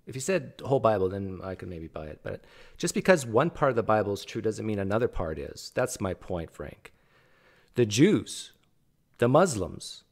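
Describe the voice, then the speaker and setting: A man's voice: on the low side, vocal fry. A man hosting a reaction video, arguing casually and addressing the speaker in the clip directly. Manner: argumentative, talks back directly to the speaker on screen. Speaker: video host reacting to clips.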